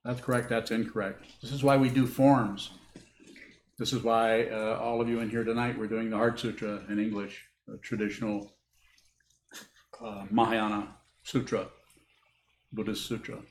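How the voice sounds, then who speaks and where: Male Buddhist teacher, thoughtful and halting, live hall recording with echo. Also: fairly low pitch, flat delivery. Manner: halting, thoughtful, repeats words as he rethinks. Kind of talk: dharma talk answering questions. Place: meditation hall with a group. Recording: echoey room with faint hiss.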